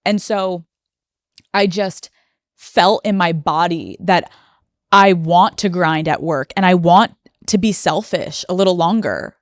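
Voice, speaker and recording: Slow-talking American woman, near tears. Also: on the low side, no room sound, studio quality. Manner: candid, emotional, many fillers. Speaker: podcast host. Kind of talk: personal monologue.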